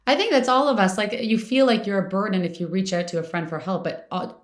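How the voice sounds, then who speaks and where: A woman's voice: medium pitch, fast, roomy sound. A woman hosting a podcast, chatting casually with many "like" fillers. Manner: warm filler-heavy chat, lots of "like". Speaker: podcast host. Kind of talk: casual conversation.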